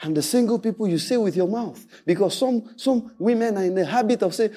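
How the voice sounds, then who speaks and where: A man preaching an animated sermon as pastor, playfully mimicking people and repeating declarations. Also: sits high, moderate pace, few pauses, breathy edge.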